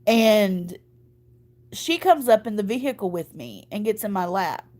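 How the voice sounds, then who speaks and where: A woman's voice: mid-range voice, expressive, measured pace, darkish tone. Choked-up woman chatting. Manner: chatty, rambling, folksy. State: choked up from crying. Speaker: vlogger. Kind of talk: casual chat to viewers.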